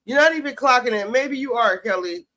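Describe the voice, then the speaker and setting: A man's voice: extremely high pitch, expressive, brisk, pushed and bright. Sassy, ranting man. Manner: sassy, profane, heated ranting. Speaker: reality TV commentator. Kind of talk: casual commentary chat. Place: home kitchen while cooking.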